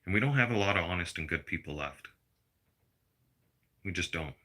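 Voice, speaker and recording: A man's voice: deep voice, expressive, moderate pace, sharp tone. A middle-aged man delivering a blunt, profane personal rant to his viewers. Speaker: vlogger.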